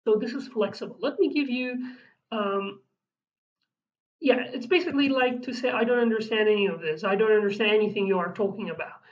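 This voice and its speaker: Woman teaching, halting. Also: medium pitch. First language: Kurdish. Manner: halting, searching for words, frequent restarts. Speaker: language teacher. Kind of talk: explaining vocabulary in a lesson. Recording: distant mic, dull lo-fi sound.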